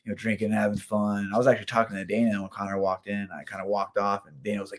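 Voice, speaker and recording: A man's voice: fairly low pitch, monotone, fast. A man in his thirties, a fighter guesting on a radio show, telling stories casually with many restarts and repeated words. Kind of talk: casual interview chat.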